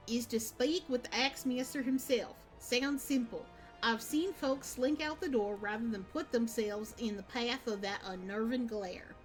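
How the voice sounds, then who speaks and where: Woman doing a long-winded dockside guild clerk, Southern drawl, folksy, fairly high voice. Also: lightly acted. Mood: brisk. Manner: folksy, drawn-out, old-fashioned dialect speech.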